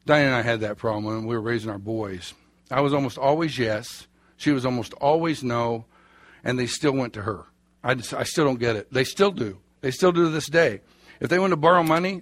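A man's voice: medium pitch, a little fast, dry recording. Man preaching, folksy storytelling, middle-aged, dry close sound. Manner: folksy, anecdotal, chuckles through stories. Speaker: pastor. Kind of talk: sermon.

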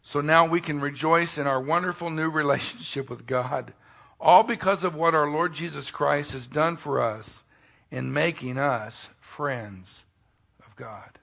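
Gravelly, bright-voiced male pastor preaching. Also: on the high side, unhurried. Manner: swings between loud emphatic peaks and quiet, intimate asides; joking, folksy asides. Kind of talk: sermon.

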